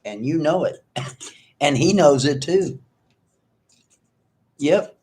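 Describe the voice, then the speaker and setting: A man's voice: fairly high pitch, animated, slow, pauses often, a little mellow. A man hosting an online video, ranting at an absent rival in an accusing, mocking way and repeating himself often. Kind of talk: confrontational livestream rant.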